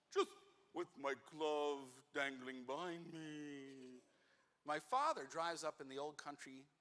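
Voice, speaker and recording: Man, rabbi, sermon storytelling, bright tone, long hall reverb. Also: on the high side. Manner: animated storyteller, acts out voices. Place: synagogue sanctuary.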